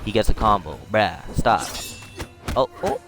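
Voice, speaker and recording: Excitable slangy man over music. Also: fairly low pitch, measured pace. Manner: excitable, slangy, jumps to shouts at tense moments. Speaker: streamer. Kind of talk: casual live commentary over replays.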